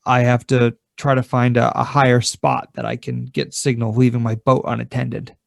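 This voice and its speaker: A man's voice: mid-range voice, normal speed, gravelly, dry recording, studio quality. A man co-hosting a podcast, describing his moves in a tabletop role-play in an easygoing, tentative way. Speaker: podcast co-host and player.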